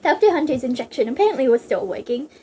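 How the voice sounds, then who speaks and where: Reader: high-voiced woman, narrating a book aloud with giggly asides. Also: very animated, quick pace, dark tone, slight background noise. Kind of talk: reading a novelization aloud with asides.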